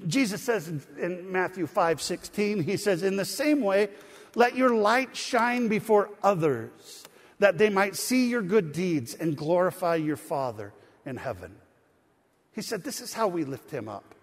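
A man's voice: high voice, lively intonation, measured pace, big-room sound. A man preaching a sermon as pastor, telling a story and rising to emphatic points. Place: church sanctuary.

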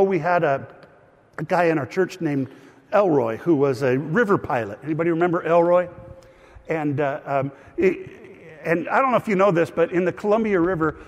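Pastor, male, folksy self-deprecating sermon storyteller, lightly high voice, reverberant hall. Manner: conversational storytelling with asides and self-deprecating humor.

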